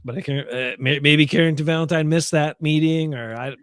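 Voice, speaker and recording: A man co-hosting a sports talk stream, exasperated with the plays and quick to swear. His voice sits a little high. The recording is close and dry. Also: fairly even intonation, fairly bright tone, clean tone, dry recording. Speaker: podcast co-host. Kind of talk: casual sports chat.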